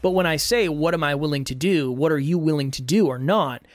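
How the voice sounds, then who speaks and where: A man's voice: a little high, brisk, no room sound, clean studio sound, soft background music. A man hosting a podcast, giving earnest, repetitive motivational coaching advice in a solo talk.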